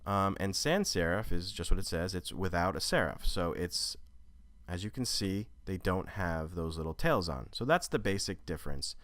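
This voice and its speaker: A man with a very low, smooth voice walks through a screen tutorial. He talks loosely and conversationally, trips over his words and corrects himself. The sound is close and dry. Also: moderate pace, dry recording. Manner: relaxed and conversational, with frequent fillers and self-corrections. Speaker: online course instructor. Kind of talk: screen-recorded tutorial walkthrough.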